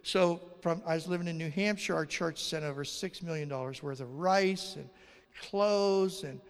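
Animated preaching man with a gravelly voice. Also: on the high side, moderate pace. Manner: animated, acts out dialogue in raised voices. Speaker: pastor. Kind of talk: sermon with storytelling. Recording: long reverb of a large hall.

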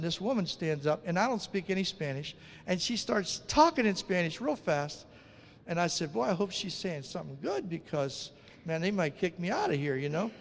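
A man telling a lively testimony as a missionary preacher, acting out the dialogue of his story. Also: high-pitched, in a large hall.

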